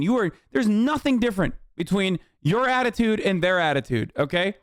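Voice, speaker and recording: A male streamer rants at his audience in a high voice, swearing freely and punctuating points with "okay?". His tirades climb into yelling. The sound is dry and close, with no room around it. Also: lively intonation, normal speed, clean tone, no room sound. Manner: profane, repetitive "okay?" tags. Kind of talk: ranting reaction stream.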